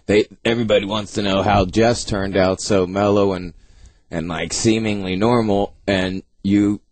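Laid-back low-voiced male host. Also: steady tone, normal speed, no echo. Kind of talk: casual interview chat.

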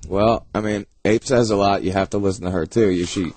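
A man hosting a casual chat, asking laid-back, halting questions. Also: fairly low pitch, steady tone, a little mellow, no room sound.

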